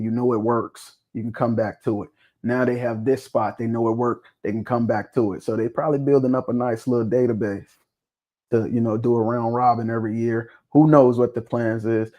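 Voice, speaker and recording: A man's voice: medium pitch, flat delivery, a little fast, mellow. A man hosting a livestream in a loose, joking, profane way, laughing often. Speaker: livestream host. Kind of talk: casual livestream chat.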